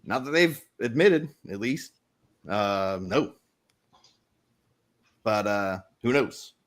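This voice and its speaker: A man's voice: lowish voice, animated, slow pace. A man playing a rambling, conspiratorial newspaper reporter as game master in a tabletop role-play. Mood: confiding. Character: gossipy middle-aged male small-town newspaper reporter.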